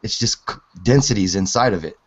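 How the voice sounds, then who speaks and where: Brisk and lively in intonation, a fortyish man with a fairly low voice rambles about physics at a hangout, laughing and swearing often. Background noise and a muffled quality sit over the recording.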